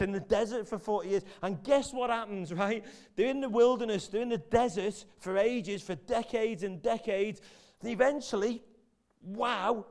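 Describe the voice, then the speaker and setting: Guy preaching in a church, high clear voice, jokey storytelling. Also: darkish tone. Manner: chatty, jokey storytelling with restarts. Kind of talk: casual sermon.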